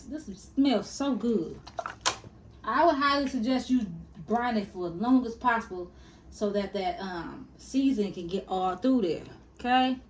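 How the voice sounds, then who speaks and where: A woman talks her viewers through a home-cooked meal in a relaxed, chatty way. She calls them y'all and baby as she works. Her voice sits at an ordinary pitch for a woman, with a faint hiss of noise behind it. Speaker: cooking vlogger. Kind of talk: casual cooking tutorial. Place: home kitchen.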